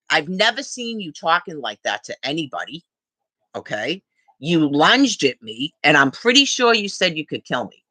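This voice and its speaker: A woman's voice: low voice, fairly bright tone, dry recording. A woman on a live stream, ranting angrily and swearing hard, tagging her accusations with "okay?". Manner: angry, profane, accusing; repeats "okay?" as a tag.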